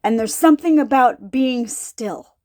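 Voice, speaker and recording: A woman's voice: fairly high pitch, animated, measured pace, warm tone. A woman preaching an informal sermon, thinking aloud, often repeating herself and asking her listeners questions. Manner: searching, repeats herself, asks the audience questions.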